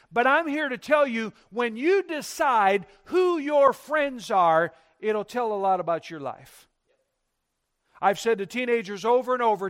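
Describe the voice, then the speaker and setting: A pastor preaching a sermon in a church, swinging between emphatic, loud lines and quiet, dropped-off ones. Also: male voice, extremely high pitch.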